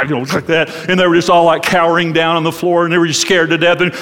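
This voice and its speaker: A middle-aged male pastor preaches with passion, stacking short, emphatic phrases. His voice is bright and sharp. It carries the long echo of a large church hall. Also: on the high side, fairly quick. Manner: impassioned and repetitive, with rhythmic emphatic phrasing. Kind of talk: sermon.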